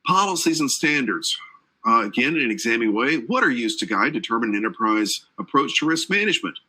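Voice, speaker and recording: A man's voice: medium pitch, sing-song, brisk, bright, forceful tone, poor audio. A man instructor giving a live online training lecture, chatty and joking with his audience between points. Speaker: certification exam instructor. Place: based in Atlanta.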